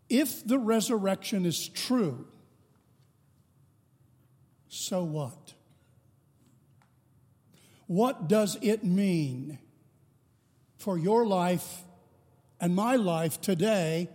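A man with a high voice preaches slowly and deliberately, letting each phrase land. The long reverb of a church sanctuary trails behind his words. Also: a little mellow. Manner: slow, deliberate preaching with joking asides. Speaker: pastor. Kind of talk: sermon.

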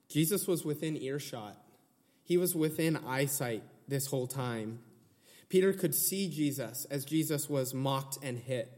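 A man's voice: mid-range voice, darkish tone. Man preaching in a reverberant hall. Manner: earnest, building to emphatic retellings. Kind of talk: sermon.

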